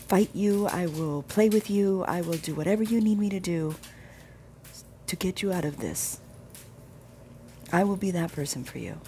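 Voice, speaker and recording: A woman's voice: dark tone, a little hiss or hum. A woman sharing a personal faith testimony, earnest and reflective, sometimes dropping to a whisper. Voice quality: gravelly low voice. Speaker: Christian vlogger sharing testimony.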